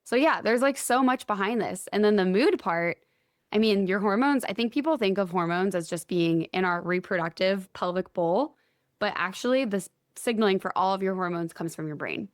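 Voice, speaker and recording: A woman's voice: medium pitch, expressive, no room sound, studio quality. A woman co-hosting a podcast, explaining health topics in an upbeat, chatty way and running through lists of points. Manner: upbeat, explains in quick lists, laughs easily. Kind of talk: casual explanatory chat.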